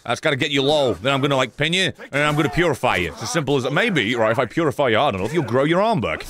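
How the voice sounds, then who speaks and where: A man streaming a game, giving excitable live commentary, swearing, laughing and yelling at the screen. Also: medium pitch, rapid-fire, crowd noise. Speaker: gaming streamer.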